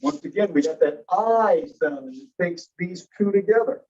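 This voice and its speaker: Dull-sounding, husky male teacher lecturing a class. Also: sits high, expressive, normal speed, a little mellow. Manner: explains step by step, asks the class questions.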